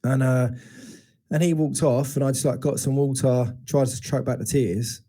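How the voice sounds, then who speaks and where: A man in his forties, an interview guest, telling painful childhood memories openly and haltingly. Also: medium pitch, steady tone, mellow. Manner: open, searching, halting retelling of painful memories. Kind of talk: candid personal storytelling.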